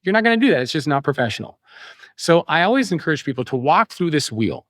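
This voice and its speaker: A man, an author being interviewed on a podcast, explaining ideas in an animated way and acting out quoted voices. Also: fairly high pitch, quick pace, no room sound, studio quality.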